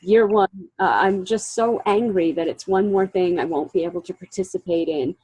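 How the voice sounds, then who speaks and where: Husky-voiced woman telling her story. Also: fairly low pitch, moderate pace, no room sound, rough recording. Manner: animated, reenacts scenes with quoted dialogue. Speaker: interview guest. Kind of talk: emotional personal storytelling.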